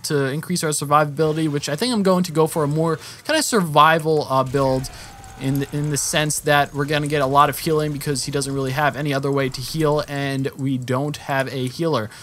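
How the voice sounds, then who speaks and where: A man's voice: a little high, fairly quick, a little hiss or hum. A young man giving rambling, casual commentary over his own gameplay, correcting himself often and jumping up when the action picks up. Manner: rambling, self-correcting, jumps up in excitement at action.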